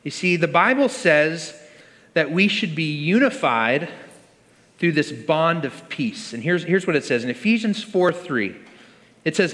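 High-voiced guy preaching casual-style, echoing around a big church hall. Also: expressive, unhurried, a bit bright. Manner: conversational, leads congregation in call-and-response. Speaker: pastor. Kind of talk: sermon. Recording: long reverb of a large hall.

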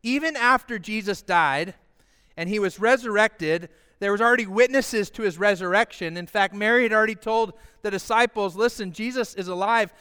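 A man preaching an Easter sermon as pastor, lively and calling the congregation to repeat after him. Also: high-pitched, moderate pace, clean tone. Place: church sanctuary with congregation. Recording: long hall reverb.

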